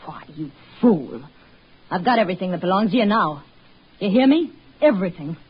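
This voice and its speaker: Role: a cruel taunting wife. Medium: 1940s radio drama. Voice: lively, muffled old broadcast. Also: female voice, normal speed, slightly rough. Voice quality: taunting, shrill when frightened. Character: cruel scheming wife turning into a cat.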